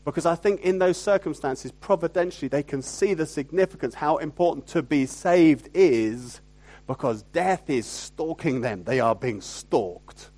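A male pastor delivers a sermon in a fairly high-pitched, conversational voice. He keeps asking rhetorical tag questions of his listeners. He moves between loud emphasis and quiet, lowered asides. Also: animated, measured pace.

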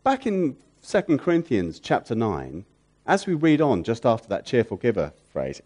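A man preaching a sermon who repeats key phrases for emphasis, asks rhetorical questions, and moves between loud emphatic peaks and hushed, soft lines. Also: medium pitch, wildly swooping pitch, normal speed.

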